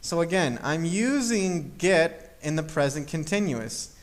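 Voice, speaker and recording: A man's voice: fairly high pitch, expressive, a little slow. A man teaching an English grammar lesson, explaining patiently, repeating examples and checking in with "okay?".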